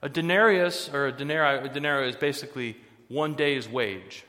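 A man's voice: medium pitch, brisk, bright, forceful tone, big-room sound. A man pastor giving a sermon in a conversational way, with joking asides between the serious points.

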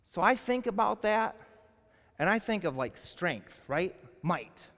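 High-voiced pastor preaching in echoing hall. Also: male voice, slow, creaky. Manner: animated storytelling, colloquial, lots of "like". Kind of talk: sermon with personal story. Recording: long hall reverb.

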